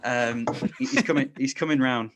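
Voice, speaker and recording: A man's voice: medium pitch, steady tone, normal speed, dull audio, noisy background. A man hosting a podcast in casual chat, rambling, often restarting his sentences and laughing. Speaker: podcast host.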